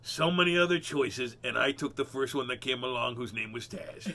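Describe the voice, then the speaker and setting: A man's voice: mid-range voice, moderate pace. A man hosting a playful picture-book read-aloud, full of puns and jokey asides. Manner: jokey, punning, animated asides. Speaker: host reading picture books aloud.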